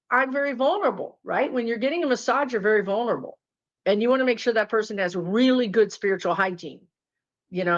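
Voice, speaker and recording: Chatty woman spiritual teacher, lo-fi. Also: mid-range voice. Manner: chatty, talks to viewers directly. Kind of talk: casual storytelling to camera.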